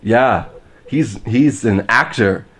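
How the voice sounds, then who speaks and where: A man's voice: on the low side, slow, a bit bright, slightly rough. A young man from Texas on a casual podcast, speaking mildly and a bit self-consciously. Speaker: podcast host. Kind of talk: casual chat.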